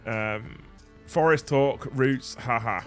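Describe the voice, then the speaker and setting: A man's voice: mid-range voice, slow pace, soft background music. Stubborn joking middle-aged English man. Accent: southern English. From England. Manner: playfully stubborn, joking, swears casually. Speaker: livestream host reading chat. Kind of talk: casual late-night chat with his wife.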